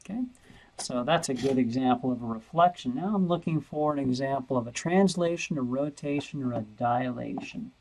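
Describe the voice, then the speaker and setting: A man's voice: medium pitch, moderate pace, a little mellow, rough recording. A man teaching a math lesson over a screen recording, thinking aloud and repeating words as he searches.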